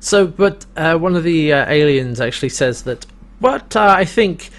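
A man's voice: on the high side, animated, moderate pace, fairly bright tone. A man casually recapping a TV episode for a podcast, telling the story in a rambling, amused way, full of fillers. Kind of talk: casual chat.

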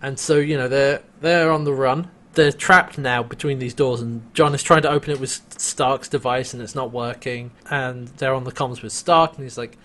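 A man in casual chat, recapping a TV episode with a co-host, animated and quick to act out lines and laugh. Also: mid-range voice. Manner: animated, acts out quotes, laughs often. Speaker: podcast co-host.

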